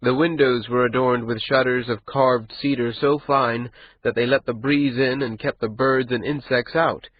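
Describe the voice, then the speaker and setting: Husky male narrator for a fantasy audiobook, mid pitch, muffled recording. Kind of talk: scripted narration.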